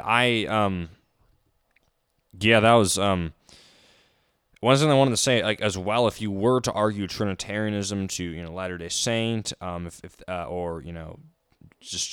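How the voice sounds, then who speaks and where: A man's voice: on the low side, a bit bright, clean tone, dry recording. A man hosting a podcast, speaking hesitantly with many fillers and restarts in casual conversation. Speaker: podcast host.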